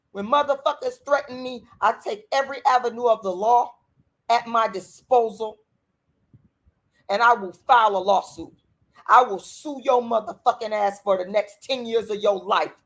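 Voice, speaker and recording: Furious woman ranting at her critics. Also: on the high side. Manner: furious, confrontational, heavy profanity, threatening. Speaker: channel host. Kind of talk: angry direct-to-camera rant.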